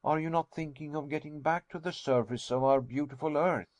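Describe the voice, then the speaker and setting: A man doing an anxious young nephew, pitched up. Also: brisk, no echo, natural voice.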